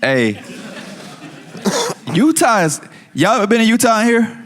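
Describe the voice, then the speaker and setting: A man's voice: high-pitched, big pitch swings, unhurried, a bit bright, a little hiss or hum. A man co-hosting a live podcast, telling a story in a slangy, laughing way. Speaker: podcast co-host.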